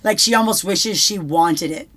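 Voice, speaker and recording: A woman's voice: medium pitch, normal speed, a bit bright. A young woman co-hosting a casual talk show, swearing freely and restarting her sentences. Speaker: podcast co-host. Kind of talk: casual chat.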